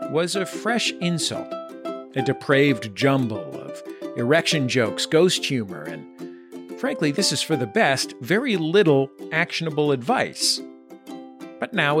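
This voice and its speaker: Man, comic promo read, deadpan and lively in pitch, over guitar music. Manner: mock-grand, dry deadpan delivery. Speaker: podcast network founder. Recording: music under the voice.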